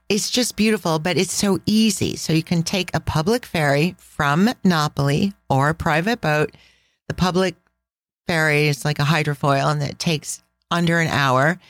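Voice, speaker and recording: A woman's voice: deep voice, no echo. A woman hosting a casual travel podcast, talking with enthusiastic, chatty storytelling. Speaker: podcast host.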